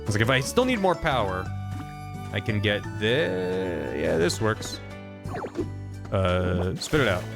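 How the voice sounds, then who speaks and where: A man's voice: on the low side, big pitch swings, slow, creaky, long pauses. Man chatting through a game stream. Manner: rambling, thinking aloud, reads game text aloud. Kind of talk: casual gameplay commentary. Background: game music.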